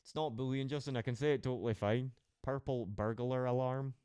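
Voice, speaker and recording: A man's voice: medium pitch, fairly even intonation, brisk, a little mellow, clean tone, dry recording. A Scottish man chatting loosely with his stream audience, rambling and swearing freely. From Scotland. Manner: rambling, heavily profane banter. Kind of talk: casual live-stream chat.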